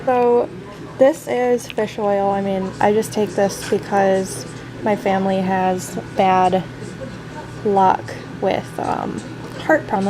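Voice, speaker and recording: A young woman vlogging about her day, frank and weary, full of "like" and pauses. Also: mid-range voice, noisy background. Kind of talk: personal vlog. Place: in an old convertible car.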